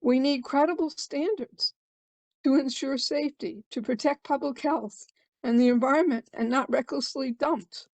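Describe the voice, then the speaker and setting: An older woman speaks in a high voice with a dry, close sound. Her public comment is emotional and urgent, and it comes over a remote call. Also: moderate pace, a little mellow, no echo, poor audio.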